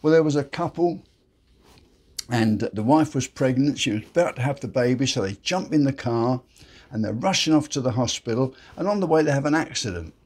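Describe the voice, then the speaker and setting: A man's voice: medium pitch, expressive, fairly quick, darkish tone, husky. A man hosting a daily joke show, telling jokes in a chatty, folksy storyteller manner. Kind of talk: casual joke telling to camera.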